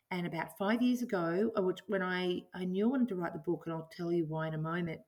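Middle-aged lady guest on a podcast, low-ish voice, earnest and keen. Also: a little mellow. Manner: earnest, enthusiastic, reflective. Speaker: guest, business owner and author. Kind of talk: podcast interview.

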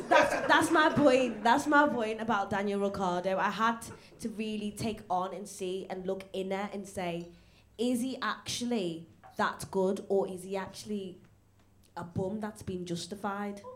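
Brief: woman, mid-pitched, opinionated live-podcast co-host who hammers her point. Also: measured pace.

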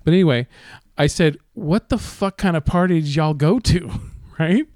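A man's voice: a little high, normal speed, darkish tone, no echo, studio quality. A man in casual podcast chat, telling rideshare driving stories with lots of swearing and laughter. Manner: profane, laughing storyteller.

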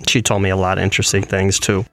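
A man's voice: sits low, quick pace, creaky, no room sound. A man casually telling a personal story and acting out what others said in it. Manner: animated, quoting others in his retelling.

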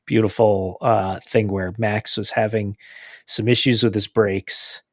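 A man's voice: on the low side, steady tone, measured pace, no echo, clean studio sound. A man co-hosting a podcast, talking in an enthusiastic, casual way and often restarting his phrases. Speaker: podcast co-host. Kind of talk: casual chat.

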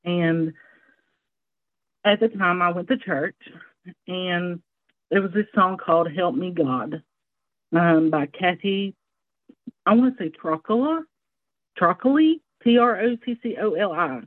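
A woman's voice: lowish voice, measured pace, long pauses, no room sound. Southern US woman in her 40s, candid guest, phone-thin dry sound. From American South. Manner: candid, laughs easily. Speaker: interview guest. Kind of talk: casual conversation. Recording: tinny phone-like line, dry.

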